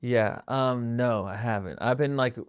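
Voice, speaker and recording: A young man with a smooth, clear voice co-hosts a casual comedy podcast. He teases his partner with leading questions and breaks into giggles easily. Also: mid-range voice, unhurried, no room sound. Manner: playful teasing, giggly. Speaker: podcast co-host.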